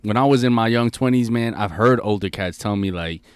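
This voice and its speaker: A man's voice: lowish voice, fairly quick, clean tone, no echo. Rambling New man in his twenties. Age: 20s. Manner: rambling, restarts sentences, lots of filler. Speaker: podcast co-host. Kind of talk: casual chat.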